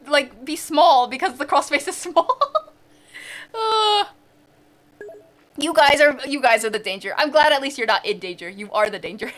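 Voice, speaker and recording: A woman's voice: high-pitched, bright, forceful tone. A woman from the central United States chatting casually on a live stream, bubbly and giggly, with sudden squeals.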